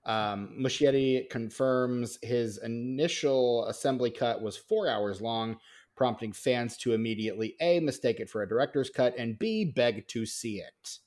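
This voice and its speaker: A man's voice: mid-range voice, unhurried, a little mellow. A man co-hosting a movie podcast, chatting casually and reading out production notes, often hesitating and restarting his sentences. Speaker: podcast co-host.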